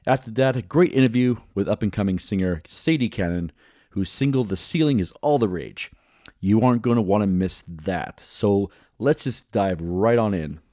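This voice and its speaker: A man's voice: on the low side, lively intonation, normal speed, dark tone, no room sound, studio quality. A man hosting a podcast, chatting casually with a playful, jokey manner. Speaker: podcast host. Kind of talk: casual chat.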